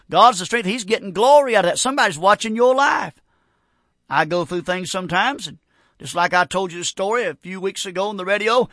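A Southern man from North Carolina preaching a radio sermon, his voice pitched high for a man. He presses on with fervent repetition, stammering into restarts as he builds each point. The sound is close and dry, with no room around it. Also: sharp tone, no echo. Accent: Southern American.

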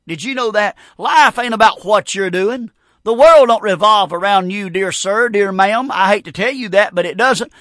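A man preaching a fervent, folksy revival sermon, breaking into shouts. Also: sits high, dry recording, clean studio sound. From North Carolina. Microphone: broadcast on radio.

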